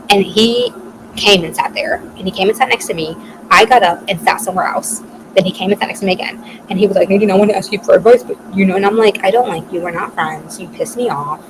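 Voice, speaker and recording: A young woman in casual podcast chat tells a personal story, slipping in and out of other people's lines. Her voice sits mid-range. A clear hum of background noise runs under her. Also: mid-range voice. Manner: animated, quotes others in a quick back-and-forth. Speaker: podcast co-host.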